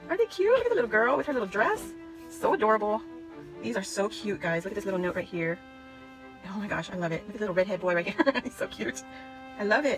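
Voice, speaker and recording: A woman excitedly chatting through a scrapbooking haul, gushing and squealing with delight. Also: mid-range voice, low-quality recording. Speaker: scrapbooking vlogger. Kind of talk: excited haul video chat. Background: background music.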